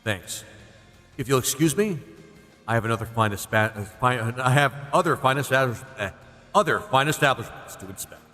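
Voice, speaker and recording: A man's voice: mid-range voice, animated, normal speed, sharp tone. A man streaming a video game, rambling and laughing in casual commentary. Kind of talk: casual let's-play commentary. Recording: roomy reverb with game music.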